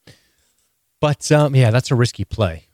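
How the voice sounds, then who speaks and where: A man co-hosting a podcast in casual, animated chat, swearing freely and teasing his co-host. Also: medium pitch, dry recording, studio quality. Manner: animated, profane, jokey, quick to tease.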